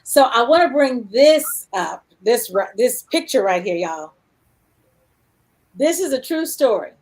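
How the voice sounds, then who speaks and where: Animated woman host telling a story. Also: measured pace. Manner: animated storyteller, acts out quotes with big pitch jumps. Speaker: talk show host. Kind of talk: casual chat.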